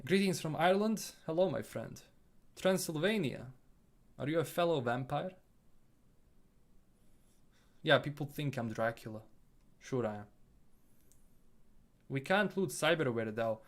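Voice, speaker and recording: A man's voice: on the high side, animated, measured pace, pauses often. A man from Bosnia with a Bosnian accent, casually reading viewer comments aloud and answering them on a live stream.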